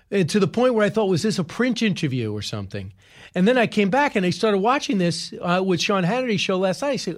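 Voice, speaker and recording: A man hosting a show, delivering opinionated commentary with emphatic rhetorical questions. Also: high-pitched.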